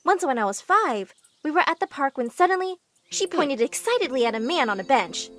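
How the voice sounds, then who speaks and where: High, lively woman narrating a cartoon story. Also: a little fast, soft background music. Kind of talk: first-person animated story narration.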